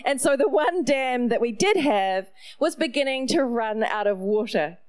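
A middle-aged woman with a New Zealand accent, preaching a sermon in an animated storytelling way with playful asides. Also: fairly high pitch, moderate pace. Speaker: pastor.

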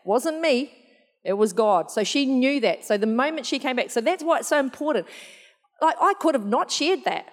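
Aussie lady preaching, kinda high voice, lots of laughing, big echoey hall. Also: normal speed. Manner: chatty, laughing, animated storytelling. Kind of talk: sermon testimony. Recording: long hall reverb.

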